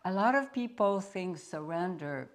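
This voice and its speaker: A woman spiritual teacher telling a parable at a satsang in a deliberate storyteller's manner. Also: on the low side, expressive.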